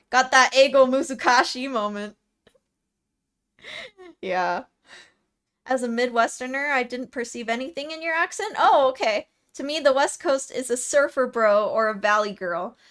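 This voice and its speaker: A young woman with a Californian accent streams live as a VTuber, casually reading and answering comments while often laughing and restarting her words. Her voice is on the high side and a bit bright.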